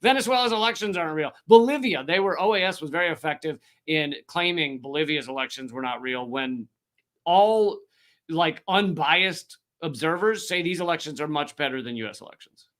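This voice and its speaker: A sarcastic man cohosting a loose comedy livestream. He swears freely and leans into deadpan jokes. His voice sits a touch high and comes out bright and forceful. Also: moderate pace. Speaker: comedian and show host. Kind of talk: casual livestream chat, comedic.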